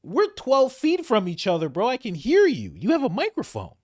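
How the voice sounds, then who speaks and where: A man's voice: very high-pitched, wildly swooping pitch, normal speed, a little mellow, dry recording, studio quality, voice pushed up, exaggerated voice. A man putting on a mocking impression of an indignant male world leader, whiny and defensive.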